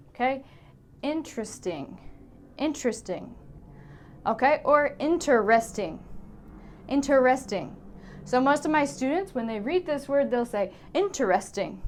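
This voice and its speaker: An American woman teaching an English pronunciation lesson, saying each example word slowly and carefully and checking in with "okay?" after her points. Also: sits high. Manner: repeats words carefully, ends points with "okay?". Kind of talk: slow, deliberate pronunciation lesson.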